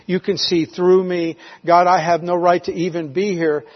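A broken, humble tax collector pleads quietly for mercy, as a preacher puts him on. His voice sits high and husky, and the recording is a little dull. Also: little pitch movement, moderate pace. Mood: pleading. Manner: pleading, lowly.

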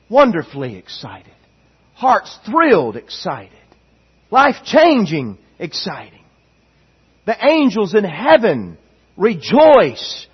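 A man's voice: high voice, slightly rough, lo-fi sound. A man preaching a sermon as pastor, with impassioned, repeated emphatic phrases.

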